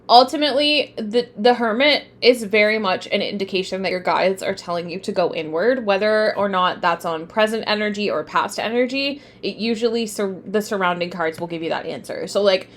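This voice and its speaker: A woman's voice: mid-range voice, fairly bright tone. Chatty, easily sidetracked young woman. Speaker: tarot teacher streaming live. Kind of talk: casual live-stream lesson.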